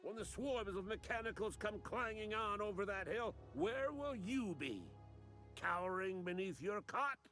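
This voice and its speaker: A man's voice: high voice, animated, unhurried, pushed and bright, soft background music, exaggerated voice. A paranoid frontier townsman. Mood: paranoid ranting. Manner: urgent, preachy, theatrical warnings. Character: paranoid male frontier townsman ranting about robots.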